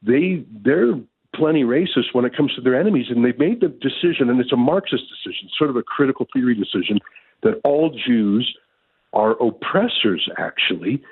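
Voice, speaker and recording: A man's voice: medium pitch, big pitch swings, normal speed, slightly rough. A man in his fifties from Canada, a guest in a remote interview, talking in an agitated way with many repeated words and restarts. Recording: tinny phone-like line.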